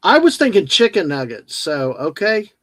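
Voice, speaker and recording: Brief: chatty joking man guest on a live stream, high-pitched, dry mic. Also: sing-song, moderate pace, a bit bright, dry recording, low-quality recording. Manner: jokey, chatty, restarts often. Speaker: guest co-host. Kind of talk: casual chat on a livestream.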